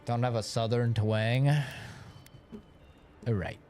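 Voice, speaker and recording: A man's voice: mid-range voice, little pitch movement, takes it slowly, dark tone, soft background music. A man streaming live gameplay, joking around and swearing playfully.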